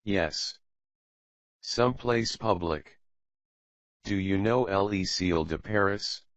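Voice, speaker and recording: A man's voice: sits low, slow pace, no room sound, highs cut off. Polite grieving secretary, read by a man. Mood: gentle.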